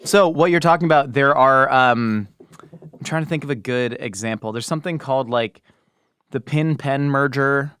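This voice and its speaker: A man's voice: mid-range voice, moderate pace, smooth, no echo. Stammering, explaining podcast co-host man. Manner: animated, stammering restarts, nerdy explaining. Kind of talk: casual chat.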